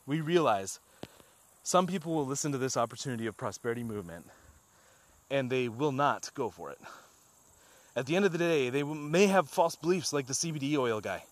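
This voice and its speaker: Upbeat man pitching a trading group. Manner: emphatic, repeats points, asks rhetorical questions. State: a little out of breath. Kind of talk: enthusiastic sales pitch.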